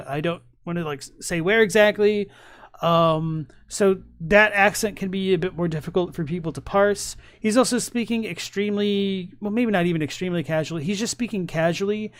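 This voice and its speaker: A man's voice: high voice, clear, resonant tone, dry recording. A young man casually commenting on a live stream, rambling a little and restarting his sentences. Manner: relaxed, rambling, many fillers and restarts. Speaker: streamer reacting to videos.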